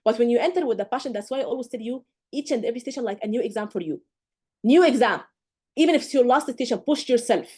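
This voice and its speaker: A woman tutor lectures a class of exam candidates. Her voice sits a little high, and she speaks emphatically and directly. She keeps checking that the class is following. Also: expressive, quick pace, mellow, breathy edge. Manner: coaching, direct. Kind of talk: live lecture.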